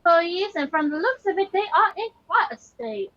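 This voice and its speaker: A woman's voice: very high voice, moderate pace, creaky, fairly bright tone, voice pushed up, exaggerated voice. A woman voicing a prim female union inspector who chides a guard captain. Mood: chiding. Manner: prim, chiding. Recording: dull, faulty microphone.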